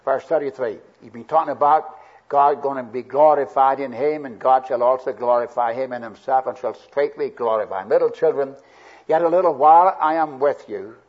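Husky preacher guy, earnest, leans hard on big words, muffled old tape. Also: medium pitch, brisk. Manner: earnest, swelling emphasis on key words. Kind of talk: sermon. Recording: dull lo-fi old recording.

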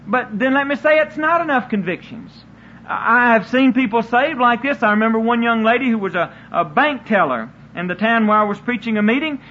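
A man's voice: very high voice, sharp tone, slight background noise. A man preaching a sermon in an earnest, repetitive style, often restarting his sentences. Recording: dull lo-fi sermon recording.

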